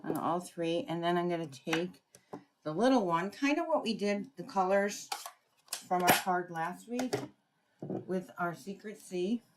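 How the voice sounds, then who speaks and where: A woman runs a live crafting tutorial, talking through each step and greeting viewers by name. She has a lowish voice and an unhurried pace, with noise in the background.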